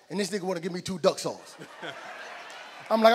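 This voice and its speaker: A man doing a profane stand-up comedy set, loud and animated, telling stories on a comedy club stage. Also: high voice, normal speed, pauses often. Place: comedy club stage before a live audience. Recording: live room with long reverb, crowd noise.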